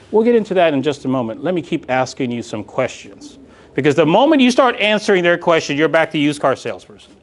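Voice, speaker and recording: A man's voice: on the high side, a little fast. A man leading a live real estate coaching session, joking and calling on the audience. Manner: animated, joking, calls on audience.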